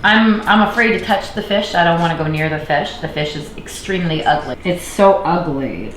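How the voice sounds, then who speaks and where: A chatty Canadian woman in her thirties rambles with self-deprecating humor while cooking at home. Her voice sits a little low and carries the echo of a hard-walled kitchen. A faint hiss stays in the background. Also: a bit bright. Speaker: cooking vlogger. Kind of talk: casual cooking vlog chat.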